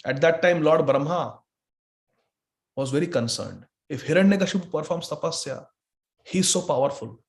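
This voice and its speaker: A male preacher giving a sermon and telling a story in an animated way. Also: on the high side, normal speed, long pauses.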